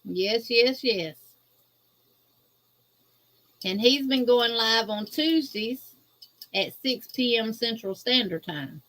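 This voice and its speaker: A woman from Louisiana with a Southern accent, guest-hosting a crochet livestream and chatting casually with viewers, greeting them in a folksy, drawn-out way. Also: on the high side, expressive, fairly bright tone. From Louisiana, USA. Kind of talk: casual livestream chat reading viewer comments.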